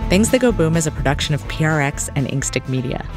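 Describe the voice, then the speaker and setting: A man's voice: fairly high pitch, lively intonation, quick pace, soft background music. A man hosting a podcast, telling a story in scripted documentary narration with a wry touch. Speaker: podcast host.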